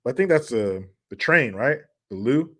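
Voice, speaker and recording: Rambling American streamer with lively pitch. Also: male voice, measured pace. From United States. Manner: rambling, joking, swears freely. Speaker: live streamer reading donations. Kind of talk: casual chat.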